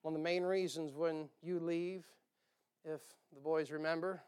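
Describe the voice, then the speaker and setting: A man preaching a sermon as pastor, in an animated style with asides, quoted voices. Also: fairly high pitch, smooth.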